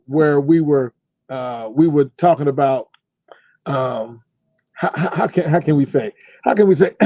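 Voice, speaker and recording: Halting, mellow-voiced male podcast host. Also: a little high, no room sound. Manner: halting, repeats words while searching. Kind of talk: casual chat. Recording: dull dry lo-fi sound.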